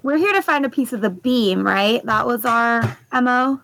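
A woman's voice: on the high side, lively intonation, moderate pace, vocal fry, a bit bright, no echo. A woman playing a tabletop game, asking questions to clarify the plan. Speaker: player. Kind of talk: tabletop role-play.

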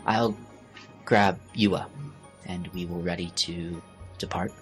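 A man's voice: deep voice, steady tone, slow, a bit bright, faint music behind. A man voicing a reserved woman warrior who speaks in a clipped, matter-of-fact way, in a tabletop game. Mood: curt.

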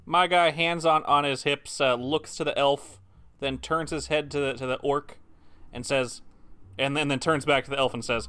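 Bright, higher-voiced player man. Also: steady tone, normal speed, smooth, no echo. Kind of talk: casual tabletop play.

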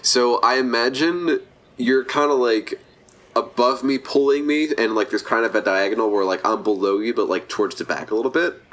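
A man's voice: medium pitch, fairly even intonation, moderate pace, a bit bright. A man playing a tabletop role-playing game, chatting casually and rambling with lots of fillers. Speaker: player.

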